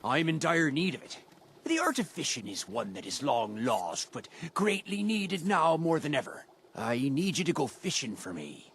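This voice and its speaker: An actor voicing a weathered old sea captain in a game, speaking in old-timey pirate talk with a gravelly voice. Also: male voice, a little high, sing-song, normal speed, fairly bright tone, slight background noise. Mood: solemn. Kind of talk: game character dialogue.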